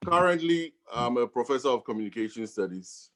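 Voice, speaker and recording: A middle-aged man from Ghana speaks as a guest in a casual interview. He tells his stories in an animated way and laughs often between lines. His voice sits at an ordinary middle pitch. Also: brisk, over a noisy crowd. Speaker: guest DJ and professor.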